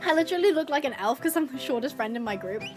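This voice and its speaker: High-pitched bubbly young woman streamer. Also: animated, racing, music in the background. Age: 20s. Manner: bubbly, gushing, frequent laughter and filler words. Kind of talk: casual chat while gaming.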